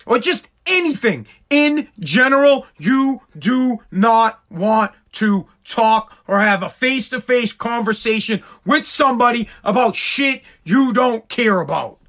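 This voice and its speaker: High-voiced ranting man. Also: fairly bright tone. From Woburn, Massachusetts, USA. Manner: swearing, exasperated, emphatic. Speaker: podcast host. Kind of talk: comedic profane rant.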